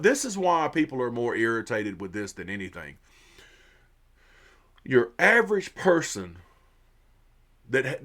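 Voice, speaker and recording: A man vents about sports in a profane, irritated monologue. He takes his time with the words, and his pitch swings widely up and down. He keeps stumbling over words and starting his sentences again. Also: a bit bright. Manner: irritated, profane, repeats words and restarts often. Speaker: sports commentary vlogger. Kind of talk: ranting opinion monologue.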